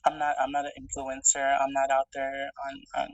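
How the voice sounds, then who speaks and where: A podcast guest in casual interview chat, speaking softly and hesitantly with many fillers. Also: mid-range voice, completely flat delivery, moderate pace, no echo, highs cut off. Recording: dry, distant mic.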